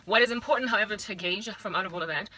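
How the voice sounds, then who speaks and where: A young woman from South Africa talking to camera in a casual vlog monologue, animated and chatty with slangy asides, recorded in a small room at home. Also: medium pitch, racing, husky, poor audio. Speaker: vlogger.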